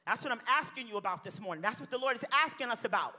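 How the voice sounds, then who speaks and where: A woman's voice: on the high side, expressive, fast, few pauses, pushed and bright. A woman pastor preaching a sermon and leading an altar call in a church, with an impassioned, repetitive preaching cadence. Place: church sanctuary with music behind. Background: worship music.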